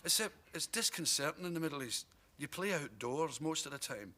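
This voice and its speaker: A Scottish man, a comedian guest in his thirties, tells animated talk-show anecdotes in a TV studio and laughs through his punchlines. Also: fairly high pitch, brisk. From Scotland. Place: TV studio with audience.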